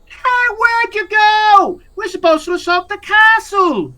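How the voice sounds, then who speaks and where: A man voicing a whiny little boy who petulantly yells at his mother during a tabletop game. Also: slow pace, heavily acted. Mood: shrill petulant. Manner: shrill, yelling, bratty.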